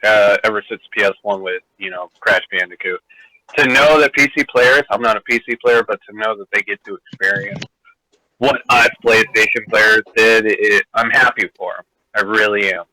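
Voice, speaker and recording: Low, bright-toned hesitant man. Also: fairly even intonation, normal speed, no echo. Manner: hesitant, with many uhs. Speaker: caller in a chat. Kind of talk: casual chat. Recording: lo-fi online voice chat.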